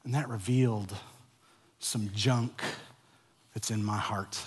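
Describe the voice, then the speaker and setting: A pastor in his forties preaching a sermon, moving from a quiet, confessional personal story to loud, emphatic exhortation, with frequent stumbles and repeated words. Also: fairly low pitch, fairly even intonation, slow pace, breathy edge. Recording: long reverb of a large hall.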